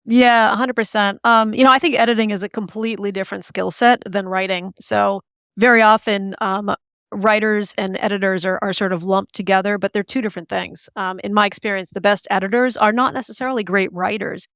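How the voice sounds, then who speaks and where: A woman author as an interview guest, talking in an animated, chatty way with many fillers and restarts. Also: medium pitch, fairly quick, no room sound. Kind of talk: conversational interview.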